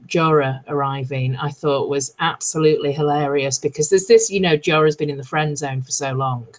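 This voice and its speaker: Low-pitched woman, chatty panelist on a video call, laughs a lot. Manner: chatty, laughs often, acts out quotes. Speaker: guest panelist. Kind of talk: casual live video-call discussion.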